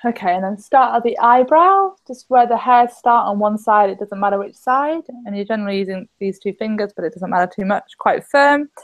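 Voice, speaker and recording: A woman, a tapping practitioner, speaks in a gentle, inviting way. She gives calm step-by-step guidance on a podcast, with a voice of average pitch for a woman. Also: brisk, few pauses. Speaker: EFT tapping practitioner, guest. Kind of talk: guiding a tapping exercise on a podcast.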